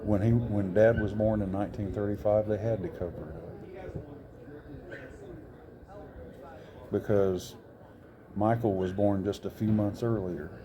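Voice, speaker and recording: A man's voice: lowish voice, steady tone, unhurried, long pauses. A man in his sixties, an interview guest, telling a personal story in an earnest, rambling way with frequent self-corrections. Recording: crowd chatter behind.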